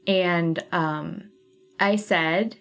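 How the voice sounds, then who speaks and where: A woman's voice: on the low side, fairly even intonation, drawn-out words, clear, resonant tone. A woman hosting a casual craft livestream, chatting with viewers and thinking aloud as she sorts thread colors. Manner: chatty, thinking aloud while sorting flosses. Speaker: cross-stitch livestream host.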